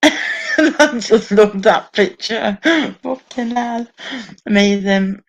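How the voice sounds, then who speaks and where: A woman with a mid-range voice speaks slowly as she hosts a casual live stream from home, sitting alone and reading out viewer comments. She chats with viewers, swearing and laughing often. The recording has a dull, lo-fi sound.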